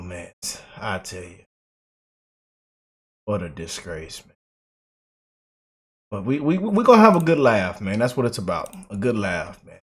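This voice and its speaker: Animated, mocking male commentary host. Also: medium pitch. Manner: animated and mocking, slangy, repeats words, laughs often. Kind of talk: casual reaction commentary.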